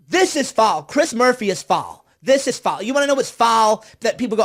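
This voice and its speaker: A man's voice: very high-pitched, big pitch swings, a little fast, few pauses. A man commenting on politics on a live stream, heated and sarcastic, often repeating himself.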